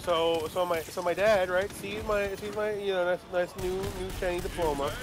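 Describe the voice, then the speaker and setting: A man's voice: sits high, normal speed. A young man telling a long story to friends in casual chat, with lots of restarts. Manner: rambling, animated storytelling with restarts.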